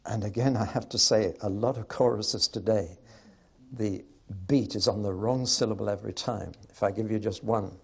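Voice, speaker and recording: A man's voice: on the low side, normal speed, breathy edge. Man teaching Bible poetry, chanting beats. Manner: explanatory, asks the audience questions; recites verses rhythmically to show the beat.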